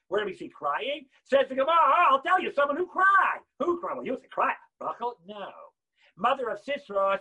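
A man giving an impassioned sermon, swinging from shouts down to near-whispers and acting out the voices he quotes. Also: sits high, low-quality recording. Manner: acts out quoted voices and excuses.

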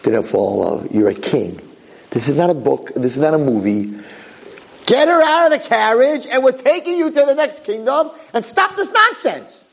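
A man's voice: lowish voice, expressive, moderate pace, creaky, warm tone, husky, full character voice, poor audio. A man doing frantic scolding royal advisors. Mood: exasperated. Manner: exasperated, scolding. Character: panicked male royal advisors, fussy and scolding.

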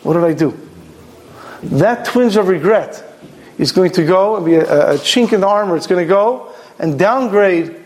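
A man giving a Torah sermon, animated, asking rhetorical questions and acting out stories. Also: sits high, moderate pace. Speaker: Torah teacher.

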